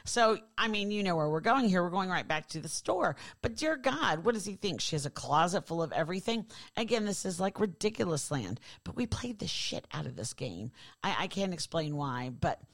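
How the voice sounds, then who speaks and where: A woman's voice: on the low side, sing-song, normal speed, no echo. A woman hosting a podcast in a rambling, sarcastic, profane monologue. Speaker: podcast host.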